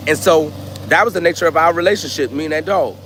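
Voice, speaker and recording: A man vlogging, telling stories in a loose, animated way and acting out voices. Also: a little high, quick pace, a little hiss or hum. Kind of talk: casual storytelling.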